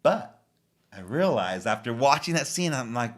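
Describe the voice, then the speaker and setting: A man's voice: mid-range voice, sing-song, normal speed. A middle-aged man hosting a podcast, talking earnestly and with feeling in casual chat, retelling scenes. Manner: earnest, emotional, retells scenes with quoted lines. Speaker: podcast host.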